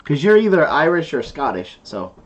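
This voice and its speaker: A man's voice: a little high, very animated, moderate pace, dull audio. A man co-hosting a casual live stream, joking and bantering with viewers and his partner.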